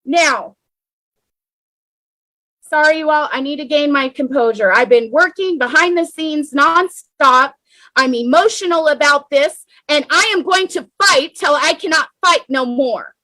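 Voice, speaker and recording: A woman's voice: sits high, measured pace, bright, forceful tone, dry recording, low-quality recording. A woman in a fiery, indignant direct-to-camera rant, calling out governments and repeating her key lines for emphasis. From United States. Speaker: political commentator.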